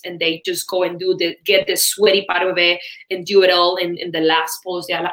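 A woman who teaches yoga, talking as a podcast guest in an expressive, emphatic way and repeating herself for emphasis. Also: lowish voice, fairly quick, reverberant, low-quality recording. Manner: expressive, emphatic, lots of repetition. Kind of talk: interview guest, casual talk.

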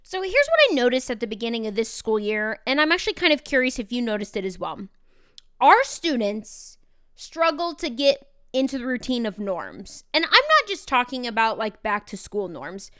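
A woman teacher hosting her own podcast, talking in a casual, loud and energetic way, candid and animated. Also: fairly high pitch, normal speed, smooth. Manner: animated and candid, acts out quoted exchanges. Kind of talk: casual solo podcast talk.

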